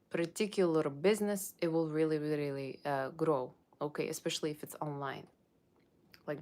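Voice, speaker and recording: Her voice is low and a little mellow as she voices a sassy, brash fortune-teller with a fake Russian accent. It's a Halloween tarot reading done in character: blunt, with playful jabs at the audience.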